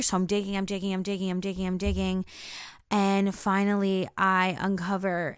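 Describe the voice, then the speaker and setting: A woman podcast host telling a personal story with feeling, repeating phrases and slowing down for emphasis. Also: medium pitch, a bit bright, smooth, dry recording, studio quality.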